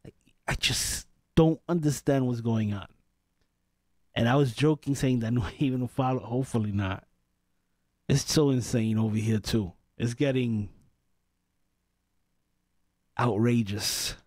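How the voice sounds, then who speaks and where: A man's voice: medium pitch, normal speed, a little mellow, no room sound. A man hosting a political talk radio show, venting in an exasperated, rambling way with frequent restarts and sighs, at a studio microphone.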